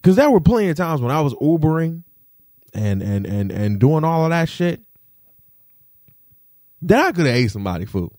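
A young man venting to the camera in a vlog, indignant and profane, repeating himself and swinging between low grumbles and sharp high outbursts. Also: sing-song, normal speed, pauses often, dry recording, studio quality. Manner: indignant, profane, repetitive rant with big pitch swings.

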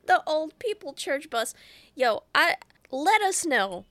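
A young woman, co-hosting a podcast, who breaks in with jokey remarks and quick questions. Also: high-pitched, sing-song, a bit bright, dry recording. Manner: joking interjections and quick questions. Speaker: podcast co-host. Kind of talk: casual chat.

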